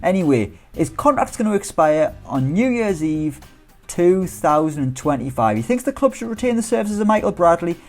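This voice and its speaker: Lively chatty British man. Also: high voice, normal speed, faint music behind. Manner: chatty, jokey, self-teasing asides. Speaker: gaming YouTuber. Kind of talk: casual game commentary.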